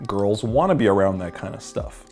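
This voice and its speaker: A man's voice: lowish voice, lively intonation, a little fast, loud music behind the voice. A man explaining techniques in a confident, blunt instructional voice-over, swearing casually. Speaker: dating coach.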